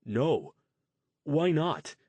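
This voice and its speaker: A man's voice: mid-range voice, normal speed, darkish tone, no room sound, close to an everyday voice. A man voicing an earnest young male fighter who pleads in a casual way. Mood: urgent.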